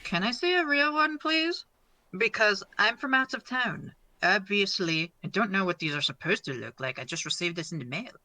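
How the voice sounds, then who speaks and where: A man putting on a high pleading clown voice. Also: animated, normal speed, sharp tone, no room sound, heavily acted. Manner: high, innocent-sounding pleading. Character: pleading out-of-town male clown at a gate.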